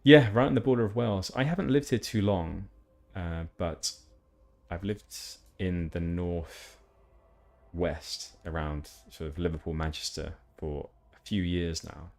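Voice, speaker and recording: A man's voice: low-pitched, unhurried, gravelly, darkish tone. A young man from Hampshire, England, chatting casually with viewers while streaming a game, rambling with many fillers and restarts. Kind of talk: casual gameplay chat with viewers.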